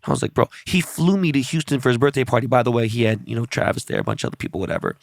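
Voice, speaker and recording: Blunt, fast-talking male podcast host. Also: mid-range voice, very animated, creaky, dry recording, clean studio sound. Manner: blunt, profane, teasing, quick-fire questions. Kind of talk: casual chat.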